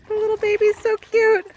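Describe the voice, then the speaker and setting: A woman's voice: very high-pitched, darkish tone, slight background noise. A woman vlogging outdoors on a farm with alpacas, talking in a playful, theatrical way as she films with a handheld camera. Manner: playful, theatrical, mock-grand phrasing. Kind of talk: casual outdoor vlog commentary.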